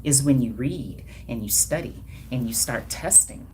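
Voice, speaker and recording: A woman's voice: rumbling low, lively intonation, a little slow, warm tone, slight background noise. A woman hair stylist talking casually and emphatically to viewers on a livestream, with sassy, colloquial asides and chuckles. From Denver, Colorado. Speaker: hair stylist and brand owner.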